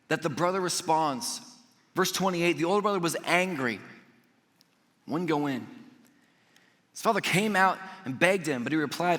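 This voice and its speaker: A male pastor preaching a sermon in a conversational storytelling way, dropping to soft, earnest emphasis. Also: a little high, measured pace. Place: church auditorium. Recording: echoey church hall.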